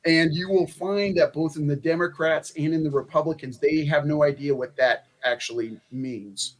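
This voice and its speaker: A man's voice: on the high side, fairly even intonation, normal speed. A man, a former candidate for Congress, talking in a rambling, folksy way with many restarts on a convention panel. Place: convention meeting room.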